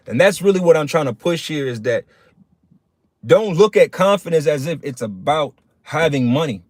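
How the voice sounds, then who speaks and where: A man's voice: high-pitched, dry recording, studio quality. Man preaching in a street-casual style. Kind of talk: casual livestream sermon.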